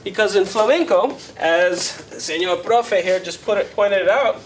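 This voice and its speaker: A man who plays flamenco guitar, teaching a workshop in a casual, animated way, telling stories and counting beats aloud to a live audience. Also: sits high, moderate pace, few pauses, slight background noise. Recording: guitar playing clearly heard behind voice.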